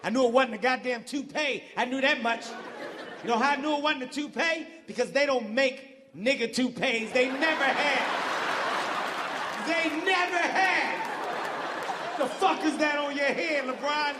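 A man in his forties doing a loud, profane stand-up comedy set, swooping in pitch and shouting his punchlines. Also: normal speed, heavy background noise. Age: 40s. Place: large arena stage. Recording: big hall with crowd and laughter.

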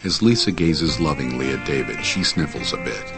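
A man reading scripted audio description in an even, measured way. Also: rumbling low, gravelly, over loud music.

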